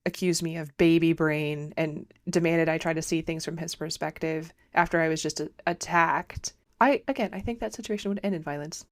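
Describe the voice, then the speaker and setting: A woman's voice: deep voice, normal speed, few pauses, no echo. Dry-humored woman podcast co-host. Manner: wry, deadpan jokes. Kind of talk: casual chat reviewing a film.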